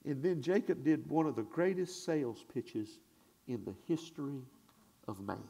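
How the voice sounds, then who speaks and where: A male pastor preaching a sermon in a church, swinging from shouted declarations to hushed asides in a folksy, conversational way. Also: mid-range voice, animated, creaky. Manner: conversational, drawn-out and folksy, with audience call-and-response.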